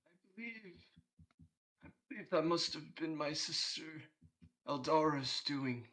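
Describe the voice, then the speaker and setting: A kindly old Santa, worn down by his wounds, speaks haltingly in a raised, bright voice, as a game master puts him on. He sounds confused and gentle, with hesitant gaps between his words, like a role in a live tabletop game. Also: on the high side, animated, pitched above the performer's own voice. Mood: worried. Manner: faltering and bewildered, with hesitant pauses.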